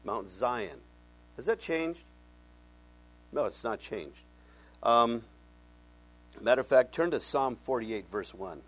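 A man preaching a Bible-teaching sermon, animated and conversational, often asking his congregation questions. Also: medium pitch, slow, pauses often, soft background music. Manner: conversational, folksy. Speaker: pastor.

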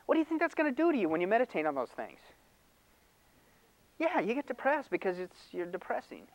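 An older man preaching a sermon in an animated, conversational way, laughing and acting out mock voices. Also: high-pitched, a little fast, poor audio. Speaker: pastor.

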